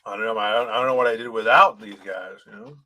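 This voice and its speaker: A man appearing as a guest on a live stream, giving relaxed, friendly replies over a video call. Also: medium pitch, fast, vocal fry. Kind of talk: casual chat.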